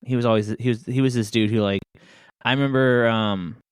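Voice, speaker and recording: A man who does stand-up, chatting casually and telling stories with quick voiced asides. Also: medium pitch, steady tone, a little hiss or hum. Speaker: podcast host and stand-up comic. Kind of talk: casual chat.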